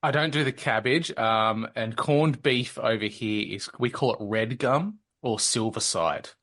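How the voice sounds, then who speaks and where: A man's voice: mid-range voice, unhurried, fairly bright tone. A man in his thirties with an Australian accent, hosting a podcast in a joking, laid-back manner. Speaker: podcast host. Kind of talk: casual podcast chat.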